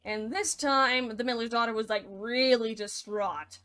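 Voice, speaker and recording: A woman's voice: fairly high pitch, a little slow, fairly bright tone. A young woman telling a fairy tale in a casual, playful, slangy and rambling way. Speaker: narrator. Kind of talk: casual storytelling narration.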